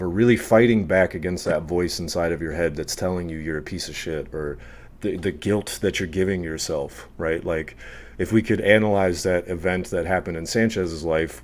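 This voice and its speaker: A man co-hosting a casual group chat among veterans, talking bluntly with lots of swearing. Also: sits low. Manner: blunt, profane, animated storytelling. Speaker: podcast co-host, veteran.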